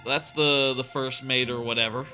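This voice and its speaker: A man's voice: mid-range voice, fairly even intonation, normal speed, pushed and bright, soft background music. A young man casually musing aloud as he plays through a game, rambling as he goes. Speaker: let's play host. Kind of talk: casual gameplay commentary.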